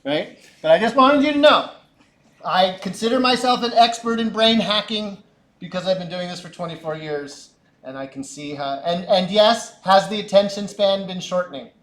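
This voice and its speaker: Middle-aged male teacher, high voice, lively classroom lecture, echoey room. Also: normal speed. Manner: animated, chatty, asks rhetorical questions.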